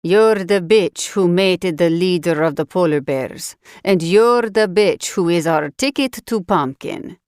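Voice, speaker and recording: A woman voicing a small, cruel male kidnapper, who makes slow, cold threats in halting English. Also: sits high, smooth, no echo, studio quality. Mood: menacing.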